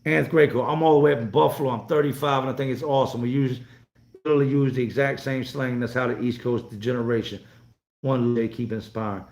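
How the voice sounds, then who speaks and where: A man's voice: mid-range voice, fairly even intonation, fast talker, darkish tone. Blunt, roomy-sounding man from North Carolina. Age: 40s. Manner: blunt and profane, loose rambling delivery. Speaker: vlogger hosting a live stream. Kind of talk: casual live-stream chat, reading viewer comments. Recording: roomy echo.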